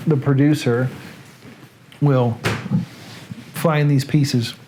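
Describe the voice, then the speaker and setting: A man's voice: a little high, darkish tone, slight background noise. A man with a Southern American accent hosts a casual live-streamed reading show. He talks in a loose, jokey way and greets viewers by name between readings. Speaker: host and reader.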